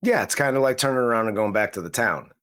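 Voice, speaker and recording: This male co-host of a movie review podcast speaks quickly at a medium pitch, his tone expressive and fairly bright. Rambling casually, he discusses the film as if he were the hero himself, voicing him in first person.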